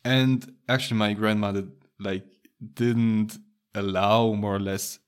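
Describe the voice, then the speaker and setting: A man with a light Romanian accent, a native Romanian speaker, chats casually with a friend, laughing often and restarting his sentences. His clean-toned voice is on the low side, with fairly even intonation and a slightly slow pace.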